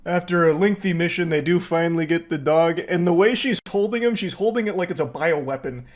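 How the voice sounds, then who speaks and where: A man's voice: sits high, fast talker, hardly any pauses, a little hiss or hum. A man giving wry, sarcastic commentary on a video, laughing and swearing. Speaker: streamer reacting to video. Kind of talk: casual commentary.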